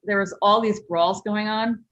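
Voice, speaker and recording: A woman cartoonist and author telling stories as an interview guest, animated and chatty. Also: medium pitch, a little slow, lo-fi sound, a little hiss or hum. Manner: animated storyteller, lots of "like". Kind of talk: casual interview chat.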